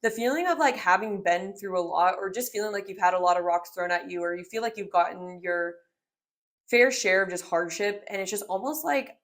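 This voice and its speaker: A woman's voice: medium pitch, a little fast. A woman in her twenties doing a casual tarot reading, talking in a rambling, heartfelt way full of filler words. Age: 20s. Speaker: tarot reader.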